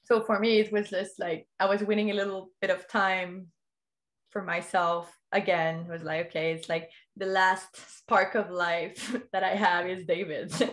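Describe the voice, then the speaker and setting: A woman's voice: on the low side, fairly bright tone. A woman who is not a native English speaker, telling her story as a podcast guest in a candid way, swearing freely and laughing often. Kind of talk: casual interview storytelling.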